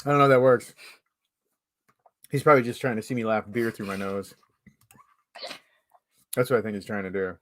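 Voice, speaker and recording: A man hosting a casual live-stream chat, talkative and quick to laugh. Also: on the low side, a bit bright. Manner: chatty, laughs easily. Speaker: live show host.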